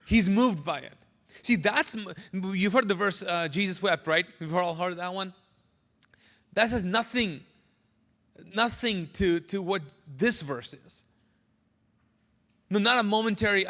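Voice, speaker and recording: A man preaching a sermon as pastor, animated and drawing answers out of his congregation. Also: high voice, unhurried, pauses often, in a large hall. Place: church sanctuary.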